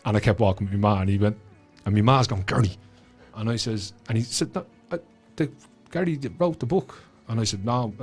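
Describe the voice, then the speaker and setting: A guest author from Dublin, speaking briskly in a lowish, slightly rough voice, recounts a lively story with plenty of swearing and acted-out voices. Faint music can be heard behind him.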